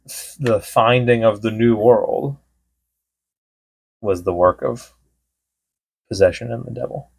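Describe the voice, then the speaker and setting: A podcast co-host with a creaky, slightly rough voice of medium pitch talks slowly. He rambles through stories in casual chat, quoting people in bits as he goes.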